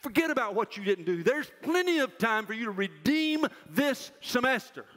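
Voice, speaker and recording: Older man, chapel preacher, high bright voice, emphatic, long hall reverb. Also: big pitch swings, normal speed. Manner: loud, emphatic preaching that drops to a soft, self-mocking aside. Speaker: university president speaking at chapel. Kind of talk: chapel sermon to students.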